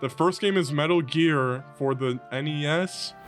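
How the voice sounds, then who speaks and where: Young male podcast co-host, higher voice, animated storyteller, light music bed. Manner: animated storytelling, acts out game characters in quick asides. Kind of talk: casual chat.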